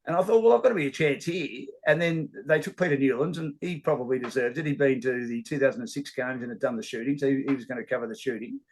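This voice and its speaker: A middle-aged Australian sports broadcaster, telling rambling, animated anecdotes in a casual interview. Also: male voice, mid-range voice, fast talker, few pauses, husky, poor audio.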